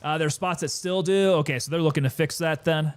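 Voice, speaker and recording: A man with a slightly higher-than-usual voice gives loose, chatty commentary as he plays. He talks easily to his viewers, now and then short of breath. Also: fairly quick, smooth. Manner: relaxed, chatty, sometimes winded. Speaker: gaming streamer. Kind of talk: casual gameplay commentary.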